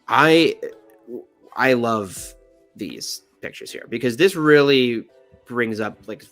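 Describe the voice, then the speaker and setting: This channel host, a young adult man, offers casual, joking commentary on pictures. His talk rambles, and his pitch swings in an animated way.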